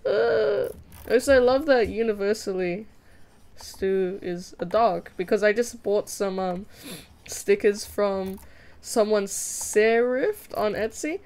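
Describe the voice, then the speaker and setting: A woman's voice: medium pitch, slow pace, a little mellow. A young woman chatting casually with viewers while drawing on a live stream, playful, giggly and self-mocking. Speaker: streamer drawing fan art.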